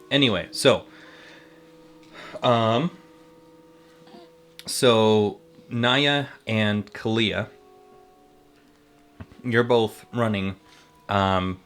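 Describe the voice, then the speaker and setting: A man's voice: fairly low pitch, fairly bright tone. A man running a tabletop game as game master, hesitant, with many ums and restarts.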